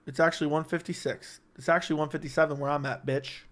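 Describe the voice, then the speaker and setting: A man's voice: a little high, steady tone, fast, fairly bright tone. A young man hosting a late-night casual livestream, bantering with his chat in a brash, profane, joking way. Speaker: livestream host.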